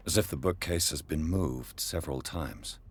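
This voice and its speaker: An actor playing a calm male investigator in a game, muttering his thoughts in a measured way. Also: extremely low pitch, slight background noise. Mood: musing. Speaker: game character. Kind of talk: game voice acting.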